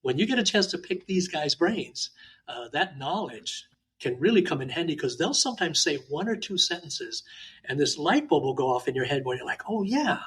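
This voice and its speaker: A man from Hawaii, a martial arts teacher, chatting in an interview and telling lively anecdotes with frequent uh fillers. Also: a little high, normal speed, husky, poor audio. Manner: animated, talkative anecdotes with many uh fillers. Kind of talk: casual interview storytelling.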